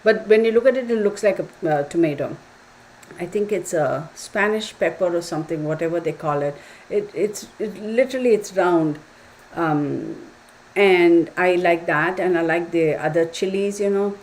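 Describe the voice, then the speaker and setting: A woman's voice: lowish voice, moderate pace, darkish tone, slight background noise, poor audio. A woman, rambling along in casual chat with the viewers of her live stream and saying y'all. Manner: chatty, rambling, says y'all.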